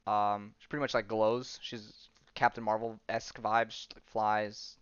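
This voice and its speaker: A man's voice: fairly low pitch, flat delivery, a little slow, clear, resonant tone, no echo. A young man hosting a podcast, recapping a comic book in a casual, rambling, enthusiastic way, full of ums, restarts and slang. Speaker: podcast host. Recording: dull lo-fi sound, dry.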